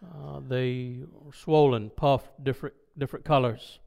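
A man telling a personal story in a sermon, animated and acting out the dialogue. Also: mid-range voice, measured pace, gravelly. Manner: loud when excited. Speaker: preacher.

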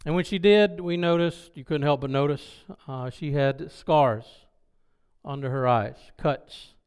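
Preacher, male, storytelling sermon with acted-out quotes, smooth higher voice. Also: unhurried. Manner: animated storytelling with quoted dialogue; loud when excited.

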